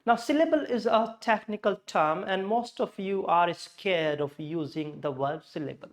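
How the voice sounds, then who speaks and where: A man's voice: sits high, normal speed. Indian man teaching English pronunciation. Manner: explanatory, repeats words to demonstrate stress, switches into Hindi. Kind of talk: slide-based lesson.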